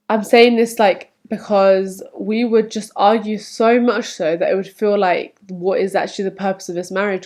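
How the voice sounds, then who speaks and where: A young woman vlogging to camera, speaking candidly and chattily, and acting out remembered quotes. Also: mid-range voice. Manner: candid, animated, acts out quotes.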